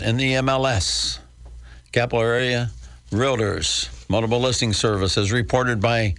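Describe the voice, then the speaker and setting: A man's voice: medium pitch, fairly bright tone, no room sound. An older man hosting a real estate radio show in a folksy, chatty way with wry asides. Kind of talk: casual radio talk with a live ad read.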